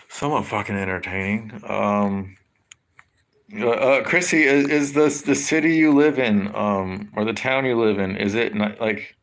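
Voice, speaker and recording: A low-voiced man with a gravelly, fry-heavy tone. He rambles to his livestream chat in loose, halting bursts, restarting sentences and swearing freely. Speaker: livestream host. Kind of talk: rambling casual stream chat.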